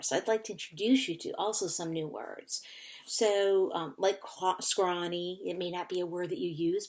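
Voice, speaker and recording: A woman teacher giving a recorded phonics lesson to children, patiently sounding out and spelling words. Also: fairly low pitch. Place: indoors at a whiteboard.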